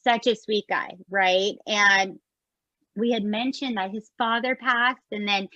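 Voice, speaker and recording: Brief: expressive woman podcast host, dry close sound, somewhat muffled lo-fi recording. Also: mid-range voice, unhurried, no room sound. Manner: chatty and expressive, often says "right?". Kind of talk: casual chat recapping a show.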